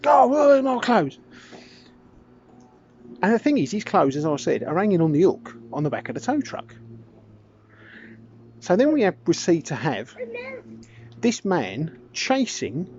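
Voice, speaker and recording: Man, chatty yarn-teller, very lively pitch, works for a casual story. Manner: chatty, wandering, self-correcting. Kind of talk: casual anecdote. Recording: dull lo-fi recording with background noise.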